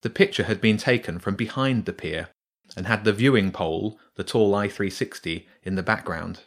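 A man narrating a children's story in a steady, measured reading. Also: fairly low pitch.

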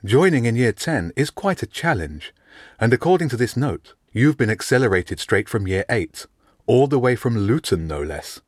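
A jovial middle-aged housemaster, raised high and cheerful, as a male narrator puts her on. She speaks brisk and formal from a dry, close booth. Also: very animated, dry recording.

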